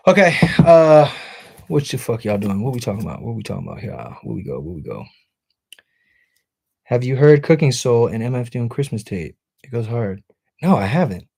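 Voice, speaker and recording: Speaking at a normal pace from his home setup, this male streamer talks off the cuff with his audience, casual and profane, his voice creaky and a bit rough. He sounds animated, with wide pitch swings, and he reads out comments from viewers and puts questions to them.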